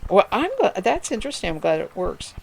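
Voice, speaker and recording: A woman's voice: mid-range voice, big pitch swings, brisk, creaky. A woman hosting a spinning livestream, chatting casually and reading viewer messages aloud in a friendly, rambling way. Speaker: livestream host.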